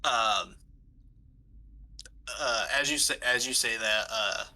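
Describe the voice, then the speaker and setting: Bright-voiced man narrating as game master. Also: mid-range voice, slow pace. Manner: rambling, full of "like" and restarts.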